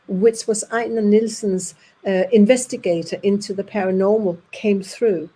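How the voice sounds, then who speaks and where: Danish woman storyteller, mellow husky voice, animated delivery that acts out the voices. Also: medium pitch, rough recording. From Denmark. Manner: lively, acts out voices in her anecdotes, with halting restarts. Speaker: speaker at an audience evening. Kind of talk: anecdotal storytelling to an audience.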